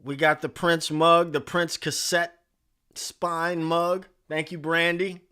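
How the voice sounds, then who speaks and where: Animated man hosting a livestream. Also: fairly high pitch, takes it slowly, clean tone. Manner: animated, reading chat names aloud. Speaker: livestream host. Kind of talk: casual livestream countdown.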